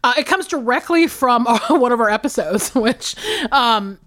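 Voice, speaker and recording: Woman podcast co-host, casual and profane, very lively pitch swings. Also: normal speed. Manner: animated, swearing, laughing often. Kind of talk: casual chat.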